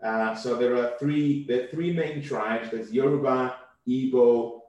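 A man from Nigeria, a comedian speaking as a guest in a casual interview, quick and animated, often repeating words as he thinks. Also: medium pitch, muffled recording, faint music behind. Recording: very echoey room.

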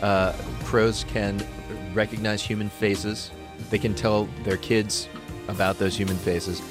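A male host with a fairly low voice leads an interview show. He is wry and joking in manner. Music plays clearly underneath him. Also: level tone, a little slow.

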